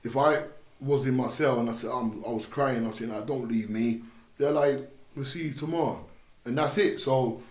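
A young man with a London accent talks through his stories in a relaxed podcast chat. His voice sits at an ordinary middle pitch, and he acts out other people's voices as he goes. The room sounds roomy, with a little echo. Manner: animated storytelling, acts out voices in his anecdotes. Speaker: podcast guest.

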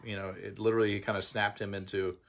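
A man's voice: fairly low pitch, little pitch movement, quick pace, creaky. A man in casual conversation, supportively filling in details of the outreach stories and agreeing along. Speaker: co-host on a mission outreach.

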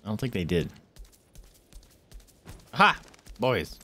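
Excitable man streaming a game. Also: mid-range voice, moderate pace. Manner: excitable, swears, talks to himself. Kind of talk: casual gameplay commentary.

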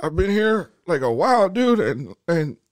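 A man's voice: high voice, very animated, normal speed, no room sound, voice pushed up. A man putting on the voice of an inmate bluntly warning a group of kids. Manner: blunt, matter-of-fact. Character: weary adult male inmate warning visitors.

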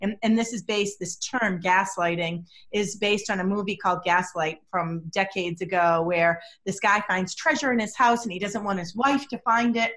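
Middle-aged woman, body language expert, lively emphatic storyteller, chatty podcast guest. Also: medium pitch, normal speed, hardly any pauses. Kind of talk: podcast interview.

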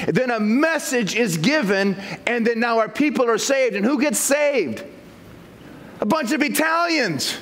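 A man preaching a verse-by-verse sermon as pastor, animated and jokey, acting out the people in the text. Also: extremely high pitch, moderate pace. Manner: animated, jokey, acts out quotes.

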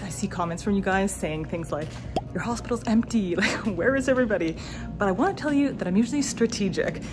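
A woman in her thirties, a doctor and video host, talking in a friendly, explanatory way in a casual vlog. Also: medium pitch. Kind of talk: casual vlog and voice-over narration.

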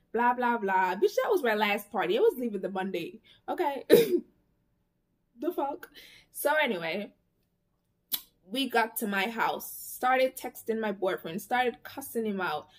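Young woman, casual storytime vlog, lively, slangy, cusses freely. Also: a little high. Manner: animated, slangy, cussing, quotes people in quick bursts. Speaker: vlogger.

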